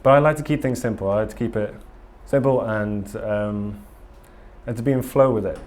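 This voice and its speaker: A man's voice: on the low side, normal speed, darkish tone. Earnest rambling man giving a talk. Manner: rambling and earnest, with frequent ums and restarts. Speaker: conference speaker. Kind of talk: casual conference talk to a live audience. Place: conference room.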